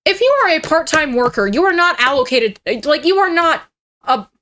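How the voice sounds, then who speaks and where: Bright-voiced ranting woman in her twenties. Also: sits high, animated, moderate pace. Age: 20s. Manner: profane and heated, mocking. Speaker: streamer. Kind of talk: ranting reaction commentary.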